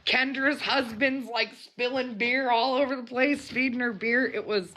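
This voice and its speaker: Bright, bubbly woman hosting a live chat. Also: on the high side, steady tone, normal speed, hardly any pauses. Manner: bubbly, chatty, greeting live commenters. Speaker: livestream host. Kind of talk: casual mukbang chat.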